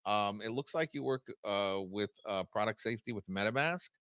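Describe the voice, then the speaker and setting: A man's voice: fairly low pitch, moderate pace, fairly bright tone, smooth, no echo. A male co-host introducing a guest and rallying listeners, earnest and a bit hesitant with restarts. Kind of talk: casual chat, introducing guests.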